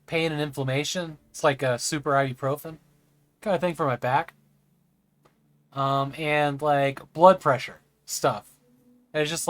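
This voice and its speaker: A man's voice: on the high side, fairly bright tone, no room sound. A man streaming a game live, rambling and chatting with viewers, sometimes stammering over words. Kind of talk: live gameplay stream chat.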